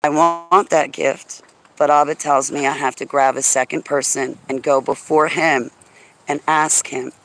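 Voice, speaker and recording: A woman's voice: deep voice, steady tone, unhurried, fairly bright tone, rough recording. A woman hosting a religious radio talk show, speaking emphatically and emotionally and addressing a listener directly.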